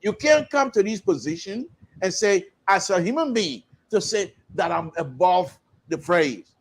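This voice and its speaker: A Liberian man arguing as a liberal commentator on a political talk show, animated and repeating phrases for emphasis. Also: sits high, a little slow, breathy edge. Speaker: panel guest, liberal commentator. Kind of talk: heated political debate. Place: remote call-in to a broadcast.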